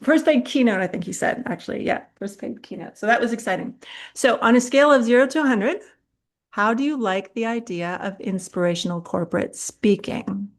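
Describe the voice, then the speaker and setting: Animated middle-aged woman coaching speakers. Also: a little high, fairly quick. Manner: animated, laughs often mid-sentence; chatty, direct, addresses viewers. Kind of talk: online master class, storytelling.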